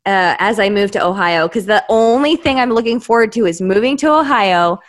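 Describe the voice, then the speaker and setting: A tipsy woman from Oklahoma who co-hosts a podcast and chats on a video call in an excitable, rambling, dramatic way. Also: mid-range voice, a little fast. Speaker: podcast cohost. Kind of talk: casual chat.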